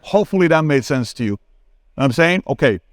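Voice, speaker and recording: Brief: man in his 40s, conference speaker, animated storyteller, close and dry sound. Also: quick pace, dry recording. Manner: animated, acts out dialogue with sudden pitch jumps; addresses crowd directly, asks for a show of hands. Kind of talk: live Q&A on stage, storytelling. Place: conference hall stage.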